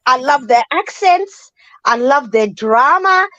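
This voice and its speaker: A woman's voice: high-pitched, sing-song, normal speed, fairly bright tone, dry recording, lo-fi sound. A woman co-hosting a reality show review, chatting casually and emphatically, repeating phrases for effect. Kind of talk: casual gossip chat.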